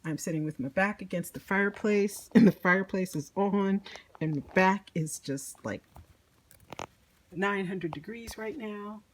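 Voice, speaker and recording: A woman's voice: mid-range voice, a little slow, slight background noise, rough recording. A woman vlogging an unboxing at home by a fireplace, giddy and gushing, with gasps and laughter. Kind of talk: casual unboxing chat.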